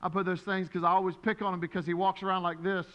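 Animated preacher in a reverberant church. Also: male voice, high-pitched, fast, clear, resonant tone, muffled recording. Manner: animated, storytelling with acted-out voices. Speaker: pastor. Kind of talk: sermon. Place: church sanctuary. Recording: long hall reverb.

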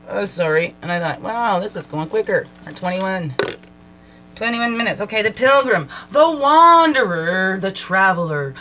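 A woman reading oracle cards aloud as a spiritual guide, slowly repeating lines and musing in asides. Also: mid-range voice, a little hiss or hum, rough recording. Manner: slow, reflective, repeats lines aloud, soft laughs and asides.

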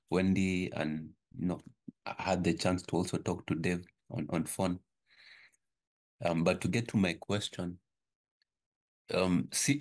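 This is a man with an African accent and a notably low voice. He talks haltingly, filling his pauses with "um", as he puts a question to a webinar panel over a video call. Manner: hesitant, many fillers. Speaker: webinar participant.

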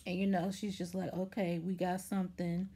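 A woman's voice: on the low side, moderate pace, slightly rough. A woman casually recapping a TV episode in a chatty, rambling way, full of fillers and acted-out quotes. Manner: chatty, rambling, lots of "like" and "anywho"; animated retelling with acted-out quotes. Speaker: TV show reviewer.

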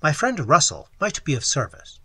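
Flustered gentleman, read by a hoarse man, clipped and sharp. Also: a little high, huge pitch swings, normal speed, no echo, exaggerated voice. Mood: cold. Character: impatient, flustered Victorian gentleman.

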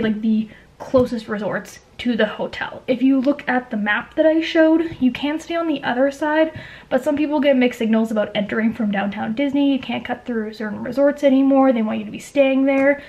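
A young Canadian woman vlogging in a quick, chatty way, full of fillers and asides, giving travel tips to camera. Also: a little high, vocal fry, darkish tone, lo-fi sound. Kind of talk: casual chat to camera.

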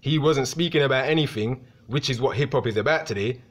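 A young man delivering a heated, profanity-filled rant vlog to his viewers. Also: fairly quick. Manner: heated, profane, swings in pitch. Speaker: vlogger.

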